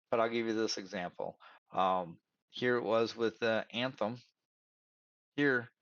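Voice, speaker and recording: A man's voice: medium pitch, no room sound, highs cut off. A man giving casual career advice, telling stories and acting out both sides of conversations, calling his listeners "y'all". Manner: storytelling, acts out both sides of dialogues.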